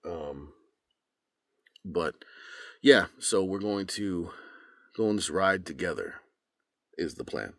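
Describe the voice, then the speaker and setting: A young man who is a voice actor chats in a relaxed, somewhat rambling way full of fillers, as casual vlog talk. His voice sits low and is gravelly and slow, with long pauses, recorded at studio quality with no echo.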